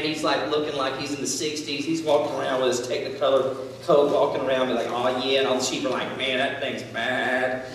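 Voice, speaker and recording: A man's voice: high voice, fairly bright tone, a little hiss or hum. A man preaching to a youth group, retelling a story in a joking, slangy way and acting out its people. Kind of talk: casual youth sermon. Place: large echoey hall. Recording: echoey hall from far off.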